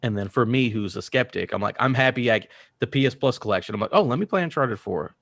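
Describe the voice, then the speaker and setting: Drunk podcast dude rambling, normal pitch, dry mic. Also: male voice, expressive, fast talker, creaky, fairly bright tone, no echo. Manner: rambling, enthusiastic. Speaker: podcast co-host. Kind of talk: casual chat.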